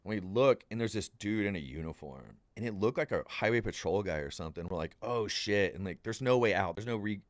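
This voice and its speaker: Animated man telling a wild story. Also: lowish voice, quick pace, hardly any pauses, no room sound. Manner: animated, heavy use of "like", acts out dialogue with laughs. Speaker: podcast guest. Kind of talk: casual storytelling. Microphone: studio podcast mic.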